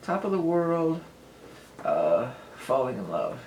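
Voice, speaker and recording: A woman's voice: very deep voice, sing-song, slow, a little mellow, reverberant, poor audio. A talkative woman lays out a tarot reading in a loose, rambling way, laughing lightly as she drifts between tangents. Her voice rings around a reflective room, with a faint hiss of background noise underneath. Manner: chatty, rambling, laughs often. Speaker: tarot reader.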